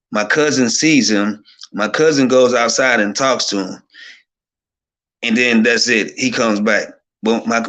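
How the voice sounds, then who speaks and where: A man's voice: mid-range voice, fairly bright tone. Fervent man sharing a spiritual testimony. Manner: fervent and overwhelmed, many restarts. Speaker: guest. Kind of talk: emotional personal testimony.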